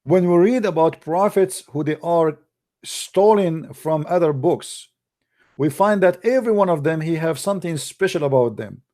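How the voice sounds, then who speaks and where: Mellow and a little high, at a moderate pace, a religious debater speaks non-native English on a livestream. He lectures combatively, scolding and mocking the people he opposes.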